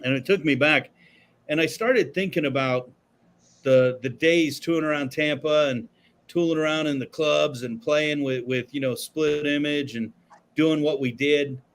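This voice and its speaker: Cursing laid-back guy swapping stories on his show, voice on the higher side. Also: a little slow. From Florida. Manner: profane, storytelling, laid-back. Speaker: podcast co-host. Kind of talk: casual chat. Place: studio.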